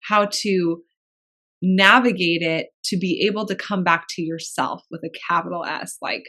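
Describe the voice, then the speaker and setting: A woman's voice: on the low side, moderate pace, sharp tone. A pregnant woman co-hosting a podcast, talking in a frank, chatty way and swearing casually. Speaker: podcast co-host.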